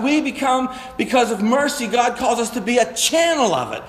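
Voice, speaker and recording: A male pastor preaches in a loose, conversational sermon style, slipping into quick acted-out chats between neighbors. His voice sits high for a man. The sound rings with a long reverb, as in a large church hall. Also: lively intonation.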